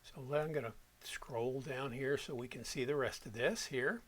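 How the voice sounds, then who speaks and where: In this tutorial, a male instructor walks students through audio editing one step at a time, plainly and sometimes correcting himself. His voice is medium in pitch and fairly bright, and he speaks at a normal speed.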